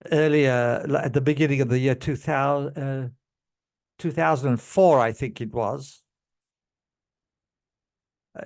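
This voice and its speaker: A man telling a personal story to camera in a halting way, with many pauses and restarts, moved as he speaks. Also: fairly high pitch. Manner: slow, halting, with many fillers and restarts, growing emotional. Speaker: channel host telling a past-life story.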